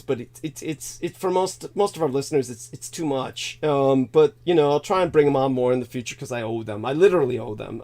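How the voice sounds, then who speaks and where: A man's voice: on the high side, a little mellow. A man hosting a live stream, rambling and profane, laughing often as he reads donations. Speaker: show host. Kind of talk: casual live-stream chat.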